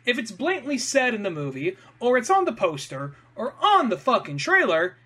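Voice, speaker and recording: A podcast co-host chats casually, ranting, laughing and swearing a lot. His voice is very high-pitched with wildly swooping pitch, delivered at a moderate pace in a sharp tone.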